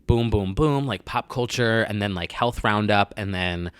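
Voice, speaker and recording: Young male vlogger, lowish voice, dry close sound, rambling and confessional, lots of "like.". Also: unhurried, clean tone, dry recording. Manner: rambling, self-deprecating, heavy use of "like"; confessional and candid. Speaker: vlogger host. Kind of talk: casual chat to camera.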